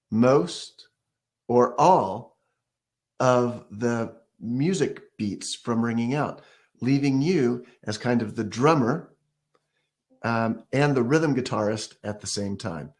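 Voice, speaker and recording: A man giving a casual ukulele lesson, explaining step by step and counting beats or scatting rhythms aloud as he plays. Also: medium pitch. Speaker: ukulele teacher. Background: ukulele playing.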